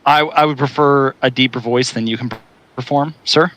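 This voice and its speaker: A man's voice: medium pitch, fairly even intonation, moderate pace, fairly bright tone, low-quality recording. A young American man talks in casual chat, rambling through his points with a wry, joking edge. His voice sits in an ordinary middle register. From United States. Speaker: co-host.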